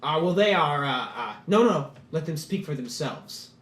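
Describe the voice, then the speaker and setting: A man's voice: a little high, animated, moderate pace, a bit bright. A man voicing a nervous male dwarf who stammers and stumbles over his words as he pleads politely, in an echoey room. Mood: nervous pleading.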